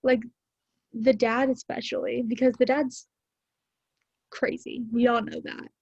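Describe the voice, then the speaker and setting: On a video call, a teenage girl chats casually about a book with classmates, using lots of fillers. Her voice is a little high, gravelly and darkish with a breathy edge, her delivery flat and a little slow. The call audio is dull and lo-fi.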